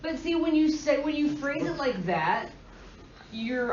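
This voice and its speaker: A woman's voice: sits high, lively intonation, unhurried, darkish tone, a little hiss or hum. A woman in a class, questioning the teacher and thinking aloud about how something was phrased. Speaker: student. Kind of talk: classroom discussion. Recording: far-off echoey lo-fi classroom recording.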